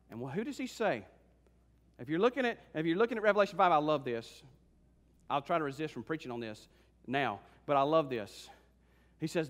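A man with a high voice delivers a sermon to his congregation. He drops into soft, low asides, then climbs into emphatic rhetorical questions. His voice rings with the long reverb of a church hall. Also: expressive, quick pace. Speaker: pastor. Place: church sanctuary.

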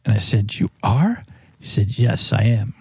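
A man's voice: on the low side, little pitch movement, normal speed, creaky, darkish tone, breathy edge, no room sound. A man who is a priest, telling long anecdotes in an interview, with frequent restarts and fillers. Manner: rambling anecdotes with many restarts. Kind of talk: storytelling interview answers.

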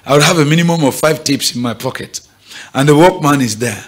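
A man's voice: on the high side, fairly quick. A man with a Nigerian accent preaching at a morning prayer meeting, emphatic and often asking the congregation if they are following. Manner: bright, emphatic, keeps checking the audience is following. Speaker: pastor. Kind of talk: sermon. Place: church gathering.

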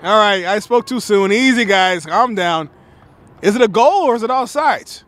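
A man giving play-by-play commentary at a soccer match outdoors, excitable and repetitive, shouting on big plays. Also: high voice, moderate pace. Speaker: sports commentator.

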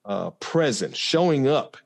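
A man with a voice of middling pitch tells a story from his life in an earnest, reflective manner. He often pauses on fillers and restarts as he works through his thoughts in a relaxed conversation. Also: gravelly. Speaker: podcast guest.

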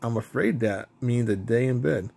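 A man voicing a kindly woman nanny who speaks in a gentle, coaxing way. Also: medium pitch, normal speed, vocal fry, breathy edge.

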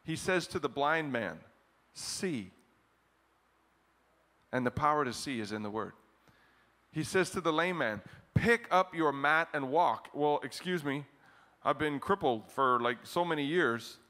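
A middle-aged man preaching a sermon as pastor to his congregation, animated, often chuckling, with his voice jumping up for emphasis. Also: on the high side. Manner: chants a scripture refrain slowly, leading the congregation. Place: church service in front of a congregation.

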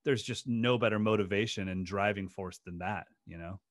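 A man's voice: lowish voice, moderate pace, no room sound, clean studio sound. A man who is a drum teacher, telling stories in a casual podcast interview in an earnest, passionate way with many restarts. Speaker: guest drum educator.

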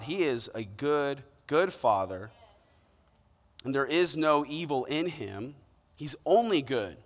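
A man preaching a sermon, telling stories with lively quoted voices. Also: on the high side. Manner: animated storytelling with playful quoted voices. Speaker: pastor. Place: church auditorium. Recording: long reverb of a large hall.

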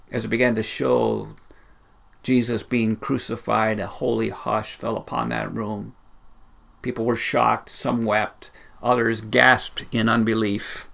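A man's voice: medium pitch, a bit bright. A man preaching a sermon with passion, building his points in repeated rising chains. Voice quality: gravelly. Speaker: pastor.

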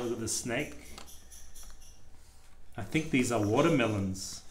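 A father reading a picture book aloud to his small child, gently pointing out what is on each page. His voice sits at a middling pitch, and the room around him is echoey. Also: a little slow, pauses often, slight background noise.

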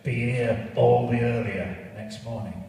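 A man's voice: mid-range voice, steady tone, slow, creaky, warm tone, distant mic. Scrooge, a man doing a grating old miser. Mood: scornful. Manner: scornful, grating. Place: church, live performance. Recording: echoey church from afar.

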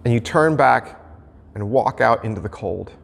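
A man's voice: mid-range voice, animated, moderate pace, vocal fry, big-room sound. A male pastor giving a conversational sermon and explaining his points through everyday stories.

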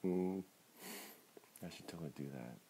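A man's voice: sits low, normal speed, creaky, mellow, a little hiss or hum. A man hosting a casual late-night livestream from a phone at home, rambling with laughs and apologies. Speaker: livestream host.

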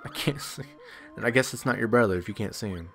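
This lowish, somewhat bright male voice talks fast over soft background music. He jokes crudely through a casual let's-play, ribbing the game's characters and mocking how badly he plays.

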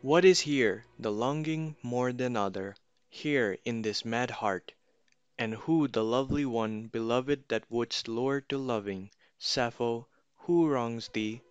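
A man reciting an old poem in a solemn, measured way, on a dull lo-fi recording. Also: mid-range voice, clear, resonant tone, dry recording. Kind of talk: slow poetry reading.

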